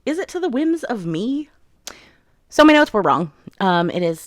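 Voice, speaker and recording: A woman's voice: a little high, sing-song, normal speed, no echo, clean studio sound. A woman hosting a book channel, casually recapping chapters and retelling scenes in quoted voices.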